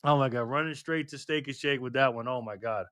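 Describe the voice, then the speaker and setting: A man's voice: mid-range voice, fairly quick, a bit bright, no room sound, studio quality. A tired man hosting a casual livestream, laughing often as he reads chat aloud. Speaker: livestream host.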